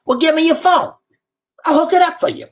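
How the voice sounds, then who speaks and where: A man doing a raspy New Orleans hustler. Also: extremely high pitch, a little fast, voice pushed up. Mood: brash. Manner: brash, offhand. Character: cocky streetwise New Orleans man with a boat.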